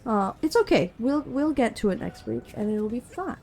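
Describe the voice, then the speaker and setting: Chatty higher-voiced woman streamer reading game text aloud. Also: sing-song, darkish tone, breathy edge, faint music behind. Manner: chatty, quick asides.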